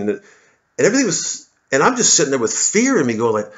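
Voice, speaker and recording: A man's voice: fairly high pitch, huge pitch swings, brisk, highs cut off. A man in his forties in a casual, rambling monologue, full of swearing and restarts. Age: 40s. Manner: rambling, profane, many restarts. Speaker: comedian vlogger.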